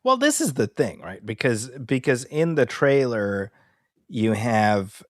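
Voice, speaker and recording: A man co-hosting a movie podcast in casual chat, animated and fond of quoting people in put-on voices. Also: medium pitch, slow pace, no echo, studio quality. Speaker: podcast co-host.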